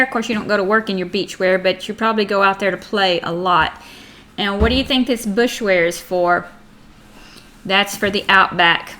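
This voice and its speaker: A woman's voice: a little high, pushed and bright, a little hiss or hum. An American woman teacher reading a geography lesson aloud to children in a chatty way, often asking them questions.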